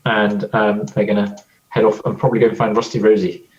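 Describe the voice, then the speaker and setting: A man's voice: fairly low pitch, flat delivery, fairly quick, darkish tone, highs cut off, slight background noise. A man playing a tabletop game, hesitantly describing his character's actions. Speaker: player. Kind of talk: casual tabletop play.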